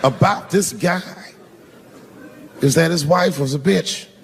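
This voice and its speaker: A man performing a profane stand-up routine on a big stage, shouting his punchlines. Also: a little high, slow, creaky, very noisy. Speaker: stand-up comedian. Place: large live venue with audience. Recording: echoey hall, crowd laughter.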